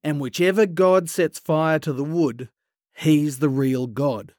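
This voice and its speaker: A man's voice: on the high side, steady tone, takes it slowly, a little mellow, no room sound, studio quality. A man voicing a confident, playful prophet in a storybook retelling, laying out a challenge and mocking his rivals. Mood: explaining. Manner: playful, matter-of-fact, mocking.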